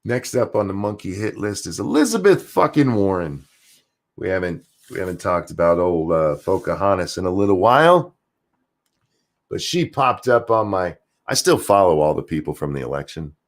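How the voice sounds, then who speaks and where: A man with a low, gravelly voice rants through a heated political commentary, cursing freely and dripping with sarcasm. His pitch leaps wildly between booming outbursts and grumbled asides muttered under his breath. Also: sing-song, moderate pace. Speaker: streamer and channel host. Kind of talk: angry political commentary rant.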